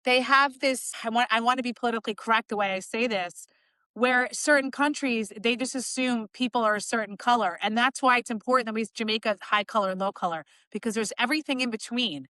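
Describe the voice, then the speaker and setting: A woman's voice: a little high, a little fast, bright, forceful tone, dry recording. A woman co-hosting a podcast, chatting casually and jumping in with comments. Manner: chatty, jumps in with comments and laughs. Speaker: podcast co-host. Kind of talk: casual interview chat.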